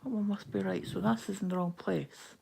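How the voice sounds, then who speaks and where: A woman's voice: medium pitch, steady tone, moderate pace, creaky, a little mellow, slight background noise. A woman hosting a livestream while she stitches, counting and muttering asides half to herself, flustered and hot. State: flustered and overheated. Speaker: livestream host. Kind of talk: casual self-talk while stitching on a livestream.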